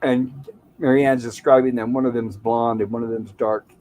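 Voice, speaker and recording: With a steady, slightly mellow medium-pitched voice at normal speed, a show host retells an old TV episode and reads out its lines casually and chattily. There's no room sound, but the audio is poor.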